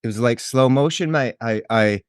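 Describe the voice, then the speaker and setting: A man's voice: mid-range voice, normal speed, clear, resonant tone, dry recording, studio quality, lightly acted. A man voicing a shocked, foul-mouthed neighbor witness, rambling and repeating himself. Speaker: podcast co-host. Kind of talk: improvised comedy sketch.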